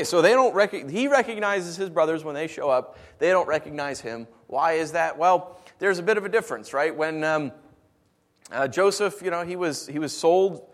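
A man with a slightly high voice teaches from the Bible, mixing scripture reading with lively, conversational explanation. He speaks in an animated way, with everyday asides. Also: moderate pace. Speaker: preacher.

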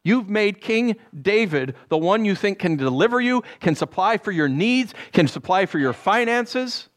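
Lively, joking male pastor. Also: high-pitched, moderate pace. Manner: joking, animated asides. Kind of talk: sermon with Bible reading.

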